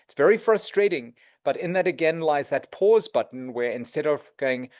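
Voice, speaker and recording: A man's voice: normal speed, hardly any pauses. A middle-aged man speaking as an interview guest, giving advice and acting out quoted exchanges. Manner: animated, acts out quoted dialogue with shifts in pitch. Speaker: interview guest, real estate executive.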